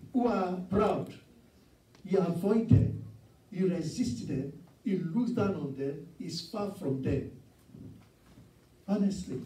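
Sixties male guest preacher, higher voice, earnest and emphatic, recorded from afar in an echoing church. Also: warm tone. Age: 60s. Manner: earnest storytelling with emphatic repeats. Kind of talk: sermon. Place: church sanctuary. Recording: roomy church sound from a distance.

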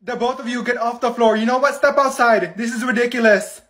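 A man's voice: extremely high pitch, steady tone, fairly quick, fairly bright tone, a little hiss or hum, pitched above the performer's own voice. A man voicing a strict, weary woman schoolteacher in a comedy skit, scolding and stern.

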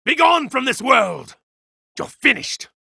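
An actor playing a haughty, contemptuous evil god in a hero's body, delivering slow, grandiose game voice lines. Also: male voice, mid-range voice, huge pitch swings, creaky, pushed and bright, breathy edge, dry recording, studio quality, full character voice. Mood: wrathful. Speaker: video game character.

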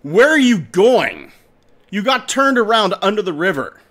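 A man's voice: medium pitch, big pitch swings, unhurried. A man voicing a bold human hunter who taunts a stone giant across a river, in a mocking tone. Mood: taunting.

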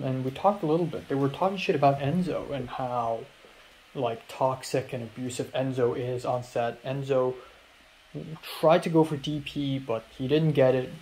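Young guy talking thru his day at home, lots of um and like, middle-pitched voice, faint hum in the room. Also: darkish tone, rough recording. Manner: rambling, filler-heavy retelling with acted-out quotes. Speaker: vlogger. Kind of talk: casual diary-style storytelling.

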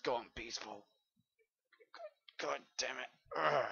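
Brief: male Let's Play commentator, slow delivery, swears and blows up at the game, dull lo-fi recording. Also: medium pitch, gravelly, heavy background noise. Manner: swears often, bursts into loud frustrated outbursts. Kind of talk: casual gameplay commentary.

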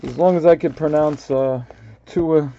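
A man's voice: on the high side, fairly even intonation, measured pace, vocal fry, warm tone, dull audio, a little hiss or hum. A man with a New York accent hosting a live card break, casually calling out player names and stumbling over some of them.

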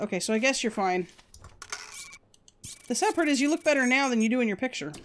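A woman hosting a video game let's play, excitable and quick to yell and swear at the game. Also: fairly high pitch, a little hiss or hum. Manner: excitable, yelps and shouts at the game; swears freely.

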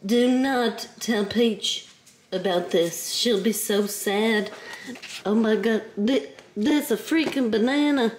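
A woman's voice: fairly high pitch, slow, slight background noise. Woman voicing a boastful chewing girl dog. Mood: playful. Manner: chatty, playful, easily excited. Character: boastful young female dog, eager super chewer.

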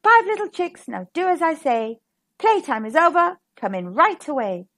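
A woman voicing an anxious, protective mother hen who gives her chicks quick, clucking orders in a children's storybook. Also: high voice, sing-song, fairly bright tone, no room sound, studio quality, heavily acted. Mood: bossy.

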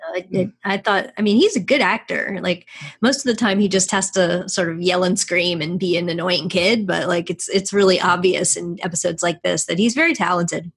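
A woman's voice: on the low side, fairly even intonation, brisk, slightly rough. A woman co-hosting a podcast in casual chat, talking freely and laughing often. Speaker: podcast co-host.

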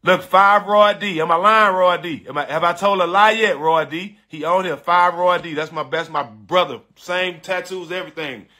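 A middle-aged man hosting a podcast, telling a story casually in animated, profane slang and repeating his phrases. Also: high voice, moderate pace, hardly any pauses. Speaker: podcast host.

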